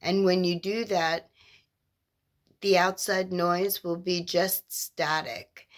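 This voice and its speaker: Slow, low-voiced woman spiritual mentor. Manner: slow, measured, drawn-out phrasing with lists of words; gentle, reassuring. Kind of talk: inspirational monologue.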